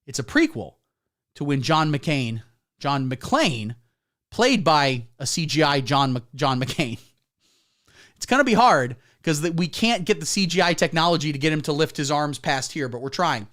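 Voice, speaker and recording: A man hosting a comedy livestream, delivering a satirical monologue in the style of a mock pundit, with deadpan asides. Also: on the high side, normal speed.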